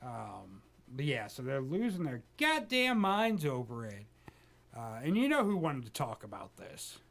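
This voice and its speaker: A man hosting a casual comedy talk radio show, rambling quickly and joking. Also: mid-range voice, wildly swooping pitch, creaky, a bit bright.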